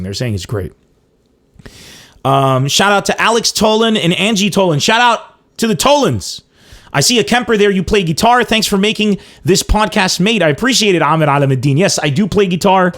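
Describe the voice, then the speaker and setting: An excitable man hosting a livestreamed comedy podcast. His voice sits fairly high for a man. He chats loosely with callers and viewers, laughs often and reads comments out as he goes. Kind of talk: casual livestream chat with callers and chat.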